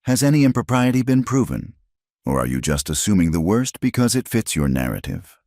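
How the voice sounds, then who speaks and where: A man voicing a calm, sharp-tongued frontier woman who asks pointed questions. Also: lowish voice, brisk, dry recording, clean studio sound, voice pushed up.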